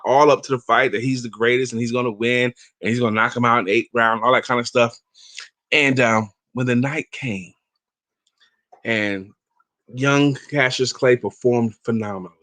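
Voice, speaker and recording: A man's voice: medium pitch, a bit bright, no echo. A man in his fifties hosting an inspirational talk, telling stories and reading aloud in an emphatic, chatty way. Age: 50s. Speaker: motivational talk host.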